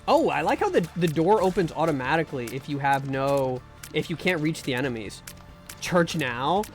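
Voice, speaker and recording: A man's voice: on the high side, expressive, moderate pace, a bit bright, faint music behind. A man streaming live, chatting casually and rambling with jokes while playing a game. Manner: rambling and joking, with restarts and mock pleas. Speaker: streamer and VTuber. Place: home room.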